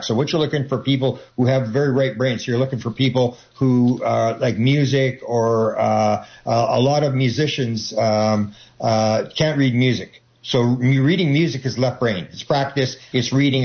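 Male interview guest, rambling storyteller, mid pitch, slightly dull lo-fi recording. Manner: rambling, many restarts, acts out quoted voices. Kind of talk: casual rambling talk.

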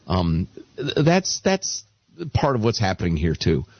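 Brief: male co-host, lowish voice, sardonic, lively, dry lo-fi studio. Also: a little slow, dry recording. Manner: sardonic, expressive. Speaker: radio talk show co-host. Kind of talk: casual radio talk, also reads ads.

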